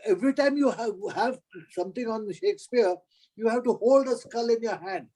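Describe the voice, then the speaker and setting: Halting, joking man. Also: very high voice, dark tone, low-quality recording. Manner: playful, halting, many fillers. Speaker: book club member. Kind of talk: casual chat.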